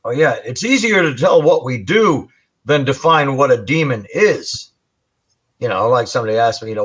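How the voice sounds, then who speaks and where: A man telling a paranormal case story as a guest on a live stream, animated and colorful. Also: medium pitch, moderate pace, breathy edge. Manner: animated storyteller, imitates growls. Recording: muffled lo-fi stream audio.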